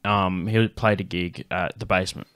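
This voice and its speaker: Male podcast host, low voice, dry close sound, swears and laughs, acts out the quotes. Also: fairly even intonation, normal speed, a bit bright, smooth, no room sound. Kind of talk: casual chat, telling a story.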